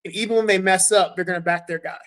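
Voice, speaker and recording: Animated, cursing male fighter telling a story. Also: sits high, fast talker, low-quality recording. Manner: animated storytelling, swears often, acts out his own quotes. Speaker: guest fighter. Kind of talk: casual podcast chat.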